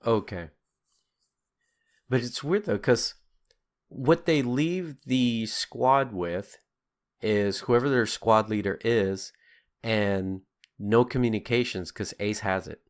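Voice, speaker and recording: A man's voice: on the low side, slow, pauses often. A man co-hosting a podcast, chatting in an easygoing way and chuckling often. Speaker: podcast co-host. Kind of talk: casual chat.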